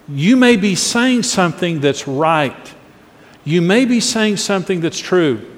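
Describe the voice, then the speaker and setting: Earnest preacher in a reverberant hall. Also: male voice, high-pitched. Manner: earnest, emphatic, demonstrates tones aloud. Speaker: pastor teaching on marriage. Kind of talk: sermon. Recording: long reverb of a large hall.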